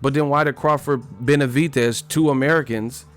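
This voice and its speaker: A man's voice: mid-range voice, steady tone, brisk. A man holds forth on a live stream in a blunt, emphatic rant, repeating himself and swearing freely. His voice sits mid-range, and faint music plays underneath. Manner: blunt, repetitive, emphatic, profane. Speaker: boxing commentator.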